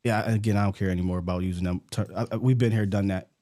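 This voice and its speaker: A man hosting a sports show, arguing football in a casual, animated way and getting worked up. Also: fairly low pitch, very fast. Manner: animated, gets worked up and loud. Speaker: sports podcast host.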